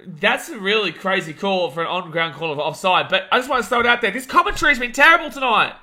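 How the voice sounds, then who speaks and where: Here a young Australian runs a live rugby league watch-along, narrating the action, reading out chat and ranting. He speaks fast in a high voice, excitable throughout and shouting at the big moments.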